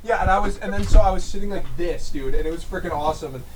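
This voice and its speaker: A man co-hosting a comedy podcast, telling animated stories with swearing and constant calls of "dude". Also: sits high, fast. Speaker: podcast co-host. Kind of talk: casual chat.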